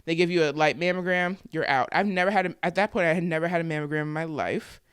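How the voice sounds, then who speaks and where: A woman's voice: fairly low pitch, steady tone, quick pace, smooth, no echo, studio quality. A woman in her twenties telling her own story to the camera in a candid, conversational way, with plenty of "like" fillers. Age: 20s. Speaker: vlogger and podcaster.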